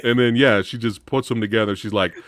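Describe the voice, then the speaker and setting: A man hosting a casual movie review chat, excitable and laughing, often restarting his sentences. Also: lowish voice, a little fast, no room sound. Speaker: host.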